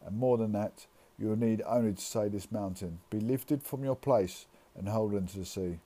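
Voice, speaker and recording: A man reading the quoted words of a calm male teacher in his own mellow voice. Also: fairly low pitch, moderate pace, lightly acted. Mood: measured.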